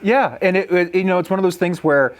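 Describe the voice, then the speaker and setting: Talking fast in a high voice, a young man shares a hunting story during a relaxed chat, full of excitement, frequent laughter, and his own imitations of animal calls.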